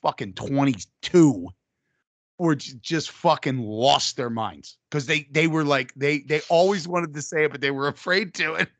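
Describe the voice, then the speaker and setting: A man's voice: on the high side, normal speed, fairly bright tone, no echo. A man co-hosting a podcast, telling crude stories in casual chat and laughing hard at them. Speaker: podcast co-host.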